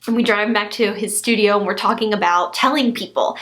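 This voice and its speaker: A woman in her twenties telling a personal story to camera as a vlogger, gushing and animated, with many fillers and restarts. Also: mid-range voice, fairly quick. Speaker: lifestyle vlogger.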